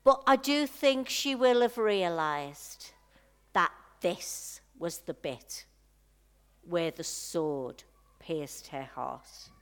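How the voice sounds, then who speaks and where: A woman preaching a sermon, telling a personal story in a slow, heartfelt way with soft pauses. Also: on the low side.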